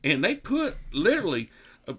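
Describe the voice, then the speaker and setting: Animated man telling a funny story. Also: sits high, moderate pace, breathy edge. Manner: animated, laughs through his stories. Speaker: comedy podcast host. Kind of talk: storytelling among friends.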